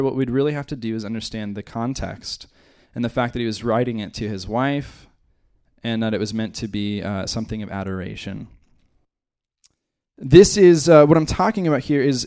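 A man's voice: mid-range voice, darkish tone. A man from the United States teaching a Bible study in a conversational way, with joking asides. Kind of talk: church teaching.

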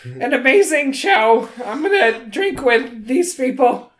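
An excitable, dazed goblin fan, as a game master puts him on, yelping and swearing as his voice leaps up high. He sounds frantic and overwhelmed, and his pitch swings wildly from line to line. It is played for laughs at a live tabletop game. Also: slow pace, over a noisy crowd.

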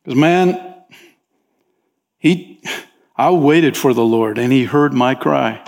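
A man preaching as a pastor, talking with the congregation in an easygoing way and often saying "man", and his pitch rises sharply when he voices desperate pleas. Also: slow, gravelly, darkish tone. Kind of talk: sermon. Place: church sanctuary. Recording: long hall reverb in a church.

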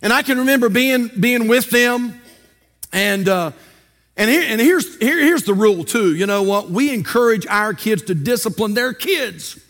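A man's voice: high-pitched, lively intonation, moderate pace, a bit bright. Man, older, pastor, sermon, folksy storytelling, rhetorical questions, reverberant church hall. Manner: folksy, asks rhetorical questions and tells stories.

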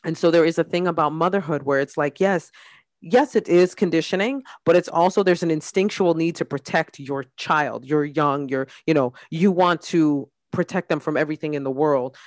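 A woman's voice: deep voice, moderate pace, a little mellow, no room sound. A woman hosting a podcast, talking in a blunt, candid way and leaning often on "like". Her voice is recorded close and dry, with no room sound around it. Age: adult mother. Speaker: podcast host. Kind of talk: casual chat.

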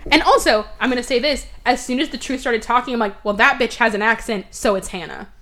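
A woman's voice: a little high, a little fast, slight background noise. Woman on a podcast gushing through a movie recap, voice up a bit, does all the characters, cusses a lot. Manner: animated recapping, acting out characters' quotes; swears freely. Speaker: podcast host. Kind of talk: casual movie review chat.

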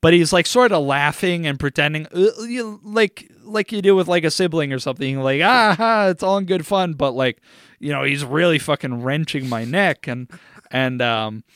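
A man's voice: on the high side, normal speed, fairly bright tone, dry recording, clean studio sound. A young man co-hosting a podcast, telling a rambling, profane story in casual chat and laughing along the way. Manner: profane, rambling, laughs through his stories. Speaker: podcast co-host.

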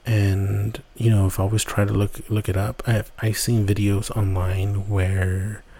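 A man's voice: lowish voice, little pitch movement, a little slow, vocal fry, warm tone. Rambling, cursing man telling a story. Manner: rambling, swears often, restarts a lot. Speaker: podcast host. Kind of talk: casual storytelling.

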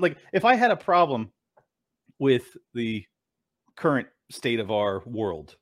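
A man's voice: mid-range voice, very animated, unhurried, long pauses. A man ranting through a political commentary, sarcastic, profane and incredulous. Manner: mocks clips with mimicking voices. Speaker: commentary host.

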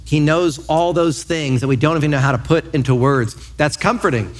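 A man in his thirties, a pastor preaching a sermon in church, telling lively stories and acting out quotes. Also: on the high side, normal speed. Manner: lively storytelling with acted-out quotes.

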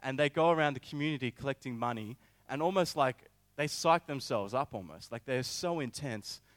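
A young man preaching a sermon, telling a personal story in an animated way with many filler words. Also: medium pitch, normal speed, no room sound.

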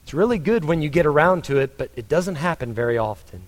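Texan preacher in a reverberant hall. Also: male voice, a little high, animated, quick pace. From Texas. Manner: conversational preaching with many restarts and rhetorical questions. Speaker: pastor. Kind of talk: sermon.

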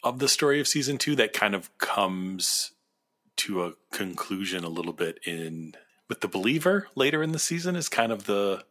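Deep-voiced man gushing as podcast co-host. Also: normal speed. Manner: enthusiastic, rambling, excitable. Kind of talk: casual fan discussion.

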